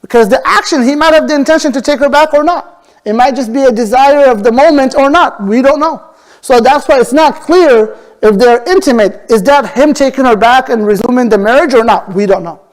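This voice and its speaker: High-voiced imam giving a lecture. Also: male voice, poor audio. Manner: explanatory, repeats words while searching for phrasing. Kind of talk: Islamic lecture on jurisprudence. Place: mosque.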